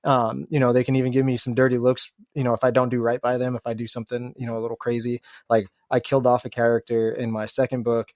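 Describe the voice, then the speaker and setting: A man hosting an interview, talking in a relaxed way with many fillers. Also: medium pitch, quick pace, few pauses, dry recording, clean studio sound. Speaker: podcast host. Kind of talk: casual interview chat.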